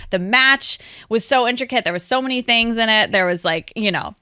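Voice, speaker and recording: Woman in her 30s, interview guest; bright, tense tone, close and dry sound; animated storyteller. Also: a little high, a little fast, clean tone, dry recording. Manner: animated, acts out quotes, says "like" often. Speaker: interview guest, former pro wrestler. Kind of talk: casual storytelling.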